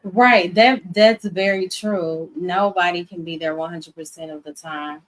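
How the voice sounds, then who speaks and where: Low-voiced woman asking probing questions. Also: measured pace, low-quality recording. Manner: probing, affirming. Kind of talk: casual discussion.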